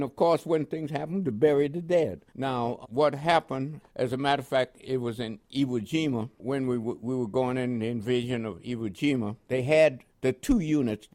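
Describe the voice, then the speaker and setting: A man's voice: medium pitch, a little mellow. An elderly man from Panama, a veteran telling stories in an interview, rambling with frequent "you know" and chuckles. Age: older. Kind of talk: storytelling interview.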